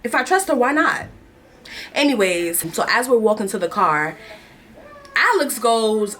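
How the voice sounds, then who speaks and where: A woman's voice: a little high, sing-song, a little slow, pauses often, a bit bright, slight background noise. A young woman in her twenties from New York, telling a personal story to camera in candid, slangy, emotional chat. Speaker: vlogger. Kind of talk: casual confessional chat.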